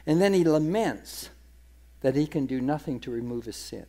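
A man with a slightly higher voice teaches from the Bible in a relaxed, conversational way. He retells scripture in plain everyday speech and often repeats words as he restarts a thought. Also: moderate pace. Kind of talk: sermon-style Bible teaching.

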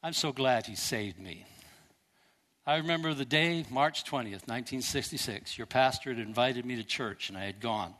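An older man preaching a sermon, telling a story and swinging between loud and hushed delivery. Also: medium pitch, normal speed, big-room sound.

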